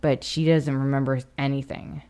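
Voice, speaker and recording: Low-voiced woman co-hosting a podcast. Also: little pitch movement, moderate pace, mellow, clear, resonant tone. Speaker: podcast co-host. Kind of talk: casual chat.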